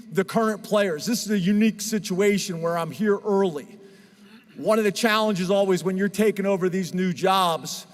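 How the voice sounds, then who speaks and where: A middle-aged man speaking as head football coach at a press conference, earnest and emotional, choking up at times. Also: high-pitched. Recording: long hall reverb.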